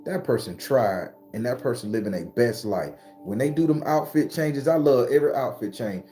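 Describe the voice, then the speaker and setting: A man in his forties giving a casual, profane motivational talk as host of his spiritual channel, often climbing to a high excited pitch. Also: moderate pace, soft background music. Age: 40s.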